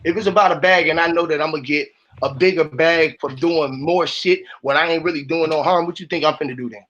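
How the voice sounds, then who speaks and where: A man's voice: on the high side, fast, fairly bright tone, lo-fi sound. A man hosting a casual panel discussion, blunt and profane, rambling as he talks. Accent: put-on made-up accent at times. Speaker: host of the panel stream.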